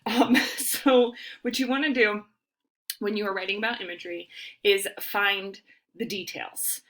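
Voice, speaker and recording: A woman's voice: medium pitch, steady tone, measured pace, fairly bright tone. A young woman teacher giving a casual recorded lecture from home, talking informally with many ums and rights.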